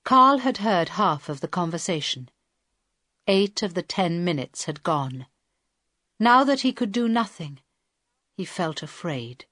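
A woman narrates an audiobook in a slow, unhurried voice that sits a little low. The recording is dry and close, with no room sound. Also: very animated, dry recording. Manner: slow, deliberate reading with quiet voiced dialogue. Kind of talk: scripted narration.

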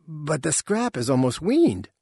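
A man voicing an anxious female alien with fur and a pouch, raising his voice slightly and speaking softly and hesitantly. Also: a little high, big pitch swings, a little slow, slightly rough, dry recording, clean studio sound, pitched above the performer's own voice, full character voice. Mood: confused. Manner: worried, hesitant, soft-spoken.

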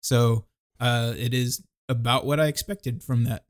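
A man co-hosting a film podcast, talking haltingly with many fillers. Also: medium pitch, steady tone. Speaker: podcast co-host. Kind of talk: casual chat.

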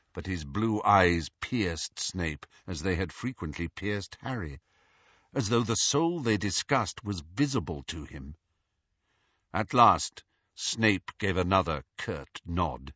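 A man narrating an audiobook, reading in a slow, deliberate and expressive way on a close studio mic. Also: deep voice, slightly rough, dry recording, lo-fi sound. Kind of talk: scripted narration.

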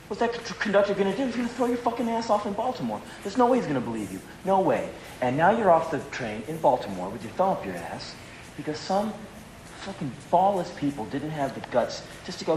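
A male stand-up comedian telling a long, profane, rambling story in an animated way to a live audience. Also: a little high, moderate pace, reverberant, a little hiss or hum, poor audio.

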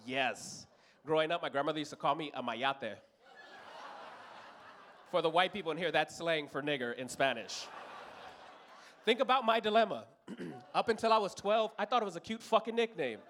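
A man's voice: a little high, normal speed, long pauses, slight background noise. Profane storytelling comedian man. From Los Angeles. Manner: profane, storytelling, animated voices for characters. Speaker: stand-up comedian. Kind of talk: stand-up routine. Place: comedy club stage with audience.

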